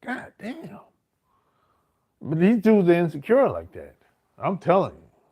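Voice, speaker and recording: A man's voice: sits high, huge pitch swings, unhurried, darkish tone, husky. A middle-aged man, telling stories in a casual, boastful and profane monologue full of slang. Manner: profane, slangy street talk with frequent "man" and "bro"; boastful, swaggering. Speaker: host.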